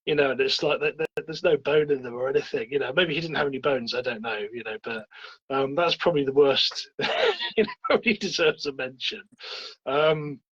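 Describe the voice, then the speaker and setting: Husky man chatting about films. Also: mid-range voice, a bit bright, muffled recording. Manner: rambling, halting, many fillers and restarts. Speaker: podcast co-host. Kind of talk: casual film chat.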